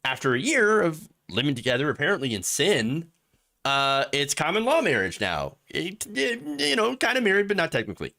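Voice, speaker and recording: A man hosting a live political commentary show, sarcastic and animated, laughing at his own jokes. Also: fairly high pitch, normal speed, gravelly. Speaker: host.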